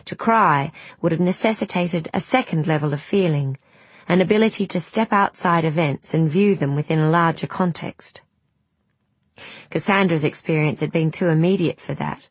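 A woman narrating a novel in a calm, measured storytelling voice. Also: low voice, husky, dry recording. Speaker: audiobook narrator. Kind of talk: scripted narration.

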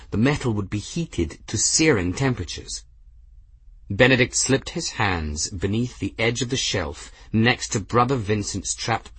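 Low husky male audiobook narrator. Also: fairly bright tone, no room sound, rough recording.

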